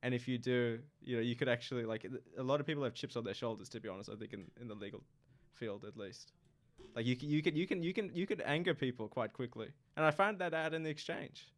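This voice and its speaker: A young man, a student guest in a casual chat, talking in a halting, playful way and repeating words. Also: mid-range voice. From Australia.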